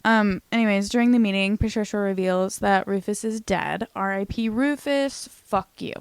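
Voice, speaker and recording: A young woman casually recapping a TV series in a chatty, animated way, swearing now and then. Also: mid-range voice, moderate pace, clean tone, dry recording. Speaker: recap vlogger.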